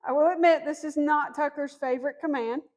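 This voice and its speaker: A woman dog trainer walks through puppy commands step by step. Her voice sits fairly high. She explains each step plainly, like a teacher running an outdoor lesson. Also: steady tone, fairly quick. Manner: firm commands, soft praise for the dog. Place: outdoors in a yard.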